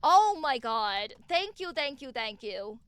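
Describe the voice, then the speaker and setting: A woman streaming live from home on a desk mic, chatting casually, excitable and swearing freely as she gushes thanks at her viewers. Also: high voice, slow, clean tone, no room sound.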